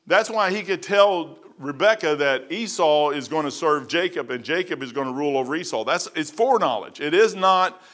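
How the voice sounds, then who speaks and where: A man preaching a folksy sermon, telling stories and breaking into sudden loud bursts. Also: a little high, lively intonation, normal speed, few pauses. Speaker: pastor.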